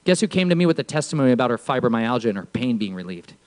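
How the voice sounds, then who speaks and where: A man preaching from a church stage, emphatic, swinging from low murmurs to shouts. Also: big pitch swings, racing. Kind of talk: sermon.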